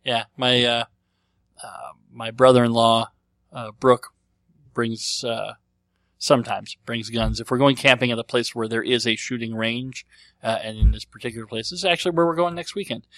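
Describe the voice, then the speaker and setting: A man's voice: medium pitch, fairly even intonation, normal speed, a bit bright, no room sound. A man hosting a casual podcast, answering listener questions in a rambling, conversational way as he thinks aloud. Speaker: podcast host.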